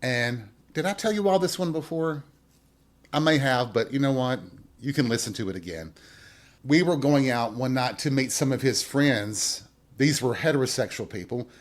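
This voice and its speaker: A man's voice: mid-range voice, expressive, normal speed. A man hosting a podcast, telling a personal story in a candid, wry way and swearing freely as he speaks straight to his listeners. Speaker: podcast host.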